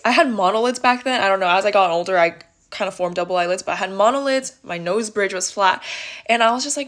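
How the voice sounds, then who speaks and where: A young woman from the United States, softly and reflectively telling a personal story in a casual vlog, with lots of filler words. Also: medium pitch, quick pace. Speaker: vlogger.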